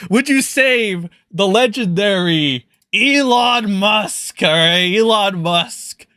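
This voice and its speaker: A man's voice: high-pitched, takes it slowly, sharp tone, clean tone, dry recording, studio quality. A man doing profane live-stream commentary, mocking and crude, swearing and laughing often.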